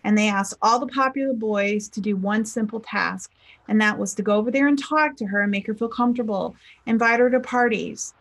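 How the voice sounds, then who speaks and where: A woman's voice: medium pitch, brisk. A woman giving a casual motivational talk as a life coach, chatty and acting out the people she quotes. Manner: chatty, acts out quoted people in lively voices. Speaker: spiritual teacher and life coach.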